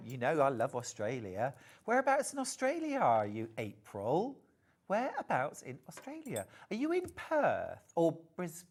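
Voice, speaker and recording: Chatty guy hosting a shopping channel, super lively up-and-down voice, gushy and friendly. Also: medium pitch. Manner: gushing, chatty, calls viewers darling. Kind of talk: live TV shopping sales pitch.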